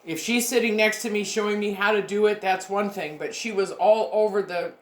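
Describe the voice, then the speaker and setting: Middle-aged woman instructor, emphatic and direct, recorded lecture, echoey room, mid-pitched. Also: steady tone, brisk. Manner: emphatic, repeats points, talks to students directly. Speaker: university education instructor.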